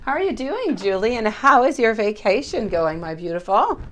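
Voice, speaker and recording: A woman's voice: a little high, big pitch swings, moderate pace, slight background noise. A woman hosting a live tarot reading stream, chatting casually and greeting viewers by name with affectionate words. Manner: warm, chatty greetings to viewers by name, calls them sweetie. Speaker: tarot reader hosting a livestream.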